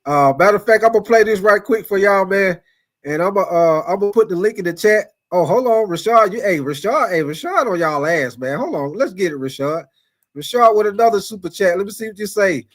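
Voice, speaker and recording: A fairly high-pitched man hosts a live sports show, talking loosely to his chat. He swings between hyped-up bursts and low, drawn-out asides, repeats himself a lot, and laughs easily. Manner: animated, repetitive, laughs often, calls chatters by name. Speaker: sports talk livestream host. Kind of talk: casual live chat reading super chats.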